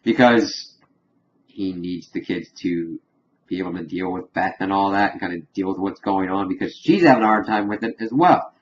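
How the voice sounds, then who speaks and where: Man, casual episode recap, rambling with lots of fillers, lowish voice, muffled lo-fi sound. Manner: rambling, filler-heavy retelling with quick acted quotes. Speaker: reviewer. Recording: dull lo-fi home recording with faint hiss.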